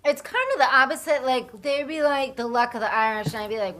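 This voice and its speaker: A woman's voice: high voice, fairly quick, few pauses, a bit bright. A woman comedian from the United States chatting casually as a guest, joking in a rambling, self-deprecating way. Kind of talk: casual chat.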